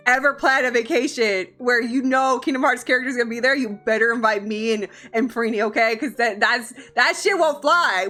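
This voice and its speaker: A woman's voice: high voice, sharp tone. A young woman streaming from home, chatting casually with her viewers, giggling often and swearing freely. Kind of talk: casual live-stream chat.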